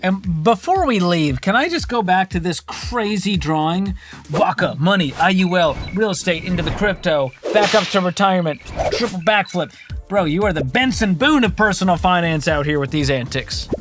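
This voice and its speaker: A man's voice: sits high, expressive, moderate pace, fairly bright tone, faint music behind. A man hosting a personal finance reaction show, giving casual, comedic commentary in a wry, sarcastic, jokey way.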